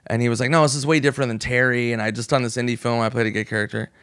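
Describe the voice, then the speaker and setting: A man's voice: medium pitch, little pitch movement, racing, a bit bright, no room sound, studio quality. A man in his forties from the United States, a comedian guest telling stories in casual chat, swearing freely and acting out what people said. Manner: swears freely and acts out quoted voices. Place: podcast studio.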